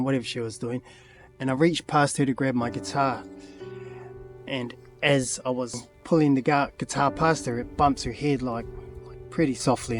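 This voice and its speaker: A man with a New Zealand accent telling his own story to camera in a plain-spoken, halting way, full of fillers and asides. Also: mid-range voice. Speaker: vlogger.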